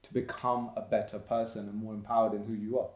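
A man's voice: lowish voice, flat delivery, quick pace, a little mellow, echoey room. A man talking as a podcast guest in a casual, upbeat, motivational way.

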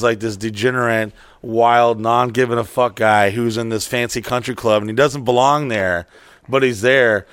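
A man's voice: medium pitch, a bit bright, clear, resonant tone, no room sound. A man chatting casually, telling crude, rambling stories full of swearing. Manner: crude, rambling, profane storytelling. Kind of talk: casual chat.

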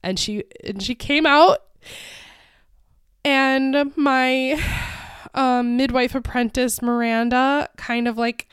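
A woman's voice: high voice, takes it slowly, smooth, dry recording, studio quality. A young adult woman hosting a podcast, telling a personal story casually with lots of fillers and frequent laughs. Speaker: podcast host.

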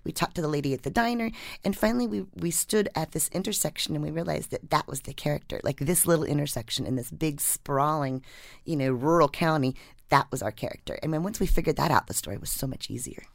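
A woman writer chatting about her work and reading her story aloud, an animated storyteller who acts out quotes. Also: low voice, fast talker, gravelly, no echo, studio quality. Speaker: writer and guest.

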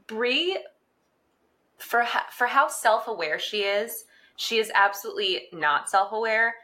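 Bright-voiced woman podcast co-host. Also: a little high, unhurried. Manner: relaxed, amused, reads from her notes. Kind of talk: casual recap chat.

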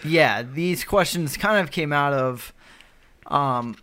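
A man co-hosting a casual podcast, talking in a relaxed, rambling way with plenty of laughs. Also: on the high side, slow, clear, resonant tone. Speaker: podcast co-host.

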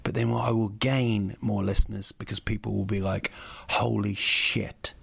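A man's voice: lowish voice, fairly even intonation, normal speed, gravelly, husky, no echo. A man hosting a solo podcast, rambling through listener questions with jokey, playful asides. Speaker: podcast host. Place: lives in Sweden.

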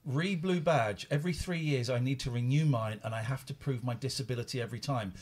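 A male host of a live call-in show who talks in a playful, deadpan mock-serious way. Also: mid-range voice, a little fast, few pauses.

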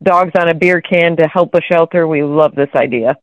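A woman's voice: low-pitched, moderate pace, dry recording. Friendly innkeeper woman on a dull line. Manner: friendly, matter-of-fact, brief agreements. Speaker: bed and breakfast innkeeper. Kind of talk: casual chat.

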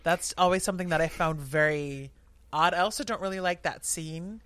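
A woman's voice: fairly low pitch, moderate pace, fairly bright tone, no echo. A woman guest on a podcast, chatting casually and agreeably. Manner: chatty, agreeable, lots of fillers and laughs. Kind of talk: casual chat.

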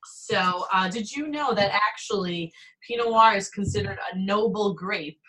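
A woman's voice: mid-range voice, unhurried, pushed and bright, rough recording. A woman in her thirties co-hosting a podcast in casual chat, chatty and self-mocking, laughing along. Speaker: podcast co-host.

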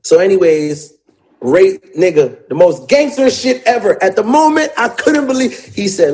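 A man's voice: high voice, big pitch swings, normal speed, darkish tone. A man, a songwriter, in a casual interview, telling his story animatedly with plenty of slang and profanity.

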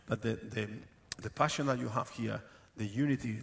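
A man, a football club manager, answering questions on stage at a live event, halting with many fillers and often laughing. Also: mid-range voice, vocal fry, a little hiss or hum.

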